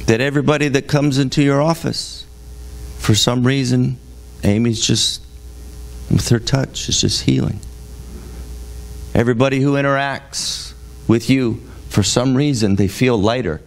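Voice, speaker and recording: A man preaching a sermon in a church service. He reads scripture aloud and breaks into emphatic, exasperated commentary that jumps from low reading to loud, high exclamations. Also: steady tone, a little slow, vocal fry, long pauses. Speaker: guest preacher.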